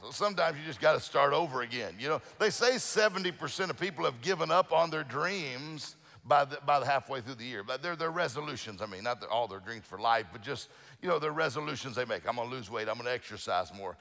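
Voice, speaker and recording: A man's voice: mid-range voice, animated, fairly quick, vocal fry, bright, forceful tone, in a large hall. A middle-aged male pastor preaching a sermon, telling folksy stories with lots of restarts and fillers. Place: church sanctuary.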